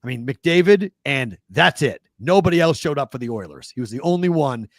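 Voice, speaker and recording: A man's voice: medium pitch, lively intonation, brisk, no echo. A man with a Boston accent co-hosting a sports betting talk show, casually talking through games, thinking aloud and correcting himself.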